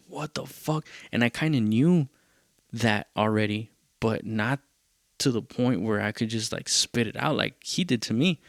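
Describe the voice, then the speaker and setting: A man hosting his own podcast, with a gravelly voice at an ordinary pitch. He tells a loose, rambling story full of swearing and quotes the people in it. The sound is dry and close to the mic. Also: no echo. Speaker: podcast host. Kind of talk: casual storytelling monologue.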